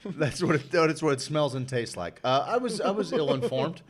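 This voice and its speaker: Animated, profane male podcast co-host. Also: on the high side, normal speed. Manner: profane, dramatic, rough-edged humor. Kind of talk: casual chat.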